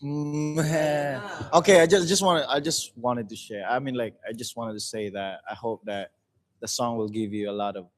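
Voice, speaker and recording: A man's voice: lowish voice, a little fast. A man with a Filipino accent, speaking frankly and with feeling in a casual livestream chat, often repeating words. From Philippines. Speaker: music group member on a livestream.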